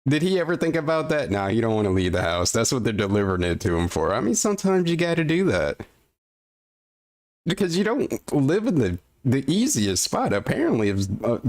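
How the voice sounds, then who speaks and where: A man's voice: medium pitch, darkish tone. A man streaming, reacting to a video with incredulous, ranting commentary and casual swearing.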